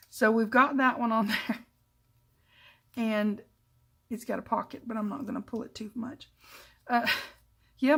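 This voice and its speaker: A woman's voice: fairly high pitch, gravelly. Chatty woman crafting on camera. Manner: chatty and self-deprecating, frequent laughs and asides. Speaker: papercraft channel host. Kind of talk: casual crafting tutorial chat.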